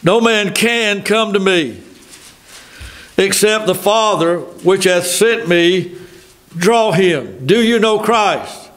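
Older Southern male preacher, high voice, folksy and conversational from the pulpit. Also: slow, fairly bright tone. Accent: Southern American. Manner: folksy, thinking aloud with asides. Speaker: pastor. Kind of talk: sermon.

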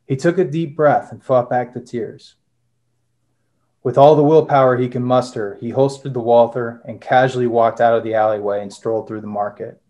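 A young adult man talking about his own novel in a relaxed, filler-heavy way. His voice sits at an ordinary male pitch, and he also reads his prose aloud in a steady narration. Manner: casual, many "uh" fillers. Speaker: author, former Marine. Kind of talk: interview answers and reading from his novel.

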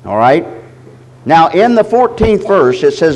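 A middle-aged man preaching a sermon, reading scripture slowly and deliberately, often stopping to repeat his words. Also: a little high, very animated, a little mellow, rough recording. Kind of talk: sermon teaching.

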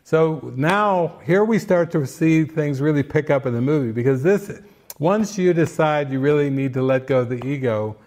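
A man's voice: on the high side, normal speed, darkish tone. A man giving casual spiritual commentary in an earnest, playful way, now and then acting out little quoted voices.

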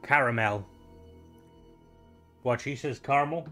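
A man's voice: lowish voice, animated, normal speed, a bit bright, soft background music. A young Irish man chatting casually with viewers while streaming a game, rambling from one thought to the next. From Ireland.

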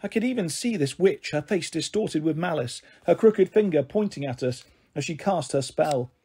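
A man reading a children's book aloud in an expressive way. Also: on the high side, moderate pace, slightly rough. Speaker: storyteller.

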